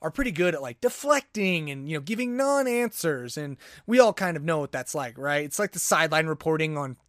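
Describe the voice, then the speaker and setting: A man's voice: a little high, lively intonation, brisk, a bit bright, no echo, studio quality. A man hosting a podcast alone, giving a sarcastic, rambling rant in casual commentary. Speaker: podcast host.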